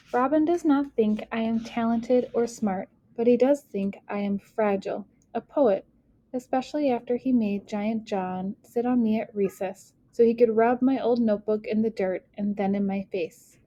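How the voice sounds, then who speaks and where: A woman narrating a first-person audiobook in an expressive reading that speeds and slows with the story. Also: on the high side, no echo. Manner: expressive, shifting pace with the story.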